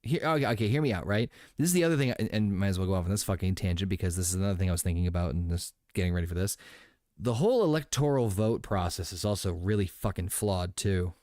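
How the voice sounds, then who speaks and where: A man's voice: deep voice, fast talker, darkish tone, no echo, clean studio sound. A man hosting a casual podcast chat, profane and rambling, full of fillers and restarts. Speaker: podcast host.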